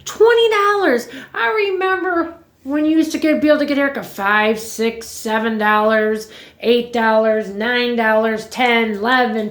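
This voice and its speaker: A woman vlogging from home, chatting casually to her viewers in a rambling, blunt way and swearing freely. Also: fairly high pitch. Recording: roomy echo.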